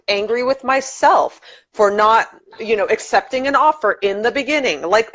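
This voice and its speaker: A woman guest on a casual livestream, giving earnest and frank advice. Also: mid-range voice. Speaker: guest reader.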